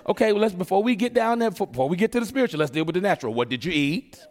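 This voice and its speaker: Male preacher, high-pitched and expressive, casual joking sermon delivery. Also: very fast. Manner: conversational, joking preaching with acted asides.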